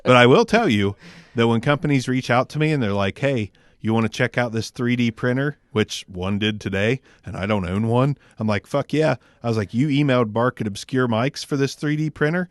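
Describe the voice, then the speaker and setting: A man's voice: medium pitch, a little fast, no room sound, clean studio sound. A man co-hosting a casual podcast, joking and swearing a lot as he tells stories. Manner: profane, joking, animated storytelling. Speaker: podcast co-host, mic reviewer. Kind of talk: casual chat.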